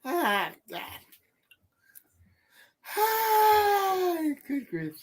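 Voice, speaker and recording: A woman's voice: a little high, animated, slow pace. A woman co-hosting a casual live stream, blunt and sweary, who laughs often.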